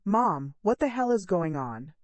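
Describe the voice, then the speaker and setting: A woman's voice: fairly low pitch, big pitch swings, measured pace, no room sound. A woman voicing an angry adult son on the phone, with a tight, clipped, accusing manner, in a narrated audio story.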